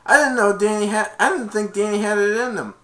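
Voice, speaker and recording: A man doing a shrill, indignant football coach. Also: brisk, a bit bright. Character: blustering competitive grown man football coach.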